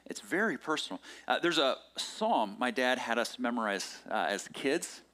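A male pastor delivering a sermon in a relaxed, conversational tone. His pitch swings widely as he leans into points. He sounds lively and engaged with his listeners. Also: moderate pace. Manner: conversational and animated, acting out quoted lines.

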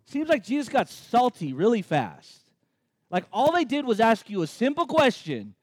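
A man's voice: very high-pitched, normal speed, no room sound. A man preaching a sermon, joking and acting out the crowd's reactions. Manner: animated, joking asides, acts out crowd reactions. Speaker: pastor.

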